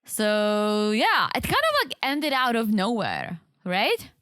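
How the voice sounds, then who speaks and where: Higher-voiced woman chatting on a podcast. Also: wildly swooping pitch, fairly bright tone, dry recording, clean studio sound. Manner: chatty, quick agreeing interjections. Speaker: podcast co-host. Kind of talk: casual recap chat.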